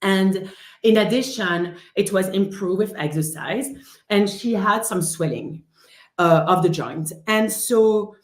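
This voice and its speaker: A woman's voice: medium pitch, slow pace, echoey room. A woman with a French accent, a rheumatologist hosting a casual live-stream lesson, chatty and full of "uh" and "um" fillers.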